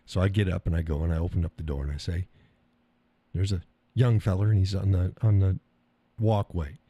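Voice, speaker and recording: A middle-aged man with a lowish, mellow voice holds forth as a live stream host. He talks in a blunt, profane, opinionated way and breaks into laughs. The sound is dry and close. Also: steady tone, fairly quick, breathy edge, no room sound. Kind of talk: casual opinionated monologue.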